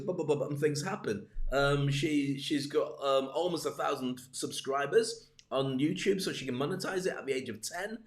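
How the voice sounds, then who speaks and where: A host with a mid-range voice gives a rambling, digressive comedic talk to camera from his home stream, miming gestures along the way. The audio is reverberant and the tone is casual.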